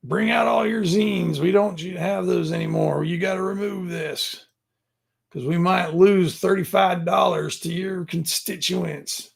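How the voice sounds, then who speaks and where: A gruff male prison guard , as a man puts him on, barking orders in a put-on American Southern drawl. The voice sits high, with a rough, gravelly edge and a bossy, drawling way of giving commands. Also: fairly even intonation, a little slow, heavily acted.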